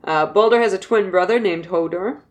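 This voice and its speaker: A woman with a low-pitched voice, hosting casual chat. She retells myths in a jokey storyteller manner, slipping into silly voices for the characters. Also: moderate pace. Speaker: podcast host retelling myths.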